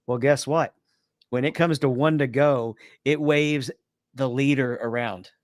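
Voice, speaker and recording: A man co-hosting a casual podcast, telling long, rambling race stories with quick asides. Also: medium pitch, fairly even intonation, dry recording, clean studio sound. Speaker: podcast co-host. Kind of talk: casual chat.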